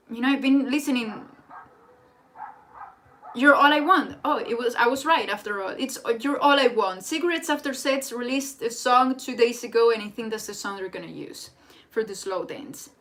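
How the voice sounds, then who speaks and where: A young woman, a native Spanish speaker, hosting a casual live chat in an excitable, rambling way. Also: on the high side. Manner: excitable and rambling, with frequent restarts. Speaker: livestream host. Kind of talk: casual live chat reading viewer comments.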